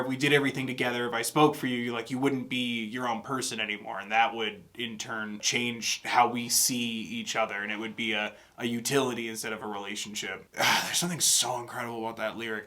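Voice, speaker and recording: Young male reaction host, casual rambling commentary, average pitch. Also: a bit bright. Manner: rambling, thinking aloud with many fillers and restarts.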